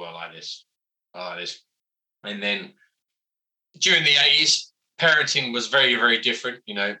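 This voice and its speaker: A man, a comic book writer telling animated, self-mocking stories as an interview guest, full of fillers. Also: on the low side, rough recording. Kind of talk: casual interview storytelling.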